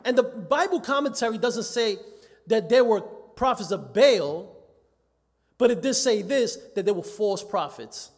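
A man's voice: sits high, lively intonation, measured pace. A man, a church elder, preaching a sermon with emphasis, repeating phrases and acting out the words of others. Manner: emphatic, repeats phrases, acts out quoted voices. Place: church sanctuary. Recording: church live stream with long reverb.

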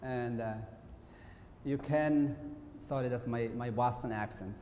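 A man's voice: mid-range voice, level tone, moderate pace, darkish tone. A middle-aged man gives a presentation lecture, speaking in a conversational, hesitant way. His voice sits in a medium range. The sound carries a long, roomy auditorium reverb. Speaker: guest lecturer, occupational therapist. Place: university auditorium. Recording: echoey hall with faint hiss.

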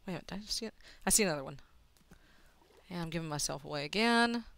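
A young woman talking to herself while she plays a game, swearing often and muttering quietly between excited outbursts. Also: lowish voice, rapid-fire, vocal fry. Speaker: gaming video host. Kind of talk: casual let's-play commentary.

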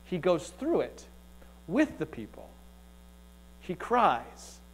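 Chatty joking male pastor, higher voice. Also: huge pitch swings, slow pace. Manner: chatty, joking, asks rhetorical questions. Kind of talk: conversational sermon. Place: church sanctuary.

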